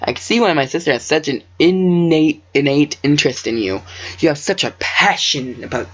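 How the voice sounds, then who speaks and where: A man voicing a gentle, regal female pony princess in a fan story reading. He speaks fondly and formally, and he sometimes trips over the words. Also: fairly high pitch, moderate pace. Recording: dull lo-fi home recording.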